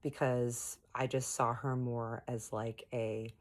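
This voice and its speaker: A woman speaks in a strikingly low register for her sex. She tells a personal story to her viewers in a candid, conversational way. Her phrasing is loose and full of "like". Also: level tone, slow. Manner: frank, chatty, heavy use of "like". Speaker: storytime vlogger. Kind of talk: casual storytelling.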